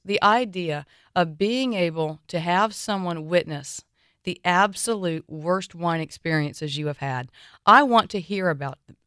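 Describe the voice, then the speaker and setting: A woman's voice: lowish voice, fairly bright tone, smooth, no room sound, studio quality. A woman hosting a radio wine show, chatty and opinionated, giving enthusiastic recommendations.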